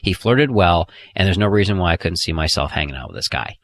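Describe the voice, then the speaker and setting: Brief: a man playing an impressed young woman, gushing and raised in pitch, for a spoken audiobook. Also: lively intonation, fast, a bit bright.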